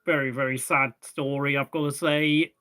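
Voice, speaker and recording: A man's voice: medium pitch, flat delivery, moderate pace, pushed and bright. A young man hosting a live race watchalong, chatting casually and rambling to fill the gaps between race updates. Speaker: watchalong host.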